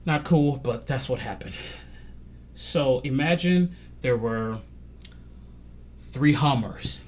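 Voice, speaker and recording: Animated male podcast storyteller. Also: slow pace, a little hiss or hum. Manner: animated storytelling, quotes others in lowered voice. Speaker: podcast host. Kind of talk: casual conversation.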